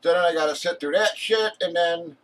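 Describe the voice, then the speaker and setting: A man's voice: on the high side, brisk, fairly bright tone. A man streaming, ranting angrily to his chat, swearing constantly and rambling with lots of fillers. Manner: angry, profane, rambling with many fillers. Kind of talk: casual rant to stream chat. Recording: voice from far off the mic.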